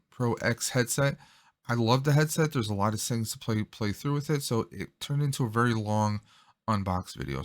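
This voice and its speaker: Brief: chatty male tech vlogger, mid-pitched, loose and rambling, recorded on a desk mic at home. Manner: rambling, chatty, thinks aloud. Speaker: tech reviewer. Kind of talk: casual product demo. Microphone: desk USB microphone.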